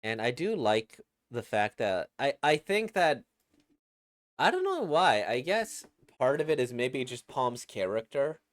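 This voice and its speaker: A man's voice: mid-range voice, sing-song, a little slow, no room sound, clean studio sound. A man casually reacting to a webcomic he reads, rambling and reflective, with many fillers and restarts.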